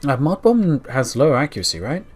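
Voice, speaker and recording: A man's voice: medium pitch, sing-song, moderate pace, husky. Guy, youngish, chatty let's-play voice, faint music underneath. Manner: chatty, self-deprecating, talks to the game. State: dry mouth, yawning. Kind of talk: casual gameplay commentary.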